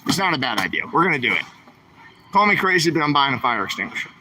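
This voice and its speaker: A man's voice: on the high side, very animated, fast talker, pushed and bright, slight background noise. A man, streaming while he walks the aisles of a store, chatting and asking his viewers questions. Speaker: vlogger. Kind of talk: livestream vlog while shopping.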